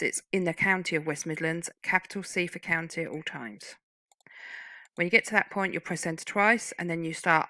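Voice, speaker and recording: A woman's voice: fairly low pitch, bright, forceful tone, no room sound, rough recording. A woman giving a screen-recorded typing lesson, patiently explaining each term and step. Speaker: typing tutor.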